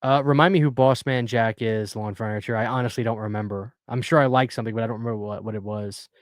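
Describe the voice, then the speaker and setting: A man's voice: on the low side, fairly even intonation, fast talker, no room sound, clean studio sound. A man hosting a casual live stream, earnestly chatting and reading viewer messages aloud. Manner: earnest, talkative, reads chat aloud.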